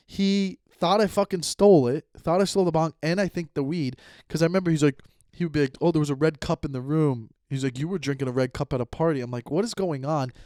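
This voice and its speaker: Excitable, profane young man telling stories. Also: fairly high pitch, fast talker, no room sound, studio quality. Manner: profane, excitable, rambling with frequent restarts. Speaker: comedian podcast host. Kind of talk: casual solo podcast storytelling. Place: his home.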